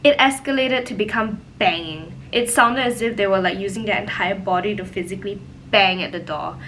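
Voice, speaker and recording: A young woman telling a personal story in a casual, animated way, full of "like" fillers. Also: mid-range voice, fairly quick, noisy background. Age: young adult. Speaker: vlogger. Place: home, indoors.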